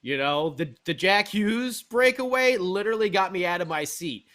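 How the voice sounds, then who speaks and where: A man hosting a hockey podcast, recapping a game with animated fan enthusiasm. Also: high-pitched, moderate pace. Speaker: podcast host. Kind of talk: excited sports talk recap.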